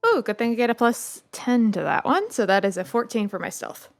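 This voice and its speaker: A woman's voice: fairly high pitch, very animated, a little fast, creaky, faint music behind. A woman player in a tabletop game, speaking playfully and giggling often.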